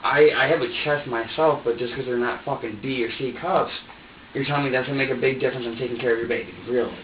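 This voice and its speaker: A man's voice: mid-range voice, steady tone, fast, slight background noise. A man being questioned by police, talking in an agitated, rambling, profane way. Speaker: interrogation suspect. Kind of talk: police interrogation. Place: police interview room. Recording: echoey, distant, muffled interview room recording.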